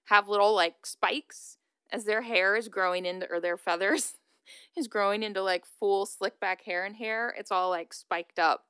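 A woman's voice: mid-range voice, steady tone, measured pace, fairly bright tone, clean tone, dry recording. A woman co-hosting a casual podcast, chatty and giggly, with lots of fillers as she shares facts. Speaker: podcast co-host. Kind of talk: casual chat.

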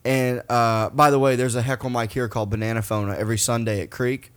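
A man's voice: mid-range voice, level tone, fairly quick, a bit bright, smooth. A man hosting a casual chat, a comedian telling crude, rambling stories. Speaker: podcast host and comedian.

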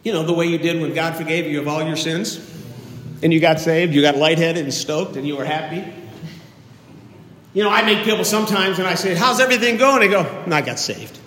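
An older man preaching a sermon as pastor, animated, acting out voices and shouting praise. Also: fairly high pitch, fairly quick. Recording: echoey hall with long reverb.

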